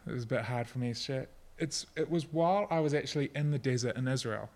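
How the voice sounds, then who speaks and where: A middle-aged man preaching a sermon, earnest and personal, at times soft and reflective. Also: mid-range voice, fast. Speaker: pastor.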